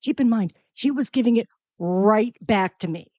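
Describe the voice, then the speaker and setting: A woman hosting her own show, telling a comedic personal story in a profane, animated, emphatic way. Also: mid-range voice, unhurried, no room sound, muffled recording. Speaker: podcast host.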